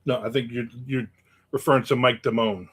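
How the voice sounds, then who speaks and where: A man's voice: mid-range voice, steady tone, fairly quick, fairly bright tone, slightly rough. A man in his fifties hosting a casual livestream, reading comments with rambling, joking remarks and chuckles. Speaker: host.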